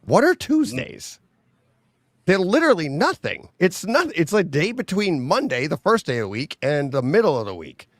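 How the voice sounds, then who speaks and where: Gravelly, lively man hosting a podcast. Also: a little high, moderate pace, dry recording, clean studio sound. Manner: animated, laughs often while talking. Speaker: podcast host. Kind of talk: casual podcast chat.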